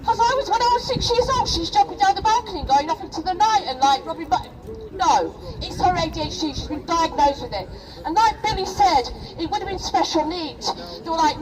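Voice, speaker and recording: A woman's voice: very high voice, lively intonation, fairly quick. A middle-aged woman from England gives an emotional, rallying speech at a protest and keeps asking the crowd "yeah?". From England (Rochdale). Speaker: protest speaker. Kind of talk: impassioned public speech. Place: outdoor street protest. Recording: distant outdoor crowd recording.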